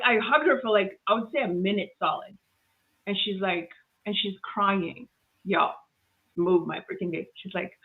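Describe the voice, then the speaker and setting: A woman telling a lively story about kindness as a guest on a video call, laughing often and acting out voices. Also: mid-range voice, normal speed. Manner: animated, laughs often, acts out voices in stories. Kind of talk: casual storytelling. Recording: tinny phone-like line.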